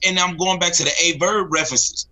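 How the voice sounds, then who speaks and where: A man's voice: high voice, brisk, sharp tone. A man co-hosting a casual podcast chat who makes his points emphatically, repeating words as he builds up.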